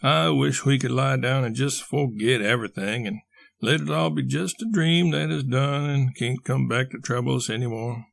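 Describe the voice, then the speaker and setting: A man voicing a weary young man worn down by failure, speaking softly and pleadingly. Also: mid-range voice, moderate pace, vocal fry. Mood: despairing.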